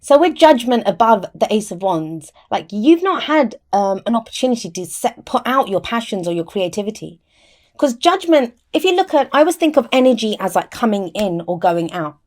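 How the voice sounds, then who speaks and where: A woman's voice: fairly high pitch, very animated, normal speed, a little mellow. Chatty woman giving a tarot reading. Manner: chatty, explains cards with frequent restarts and "I always say". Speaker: tarot reader. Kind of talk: casual tarot reading to camera. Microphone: mic within reach of her arm.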